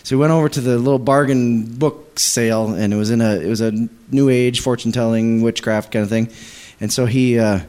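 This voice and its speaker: A man's voice: medium pitch, fairly even intonation, a little fast, hardly any pauses, a little mellow, clear, resonant tone. A man telling a long faith story to a church, with many restarts, acting out the people he quotes. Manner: rambling, many restarts, acts out quoted voices. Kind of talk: animated storytelling in a church service.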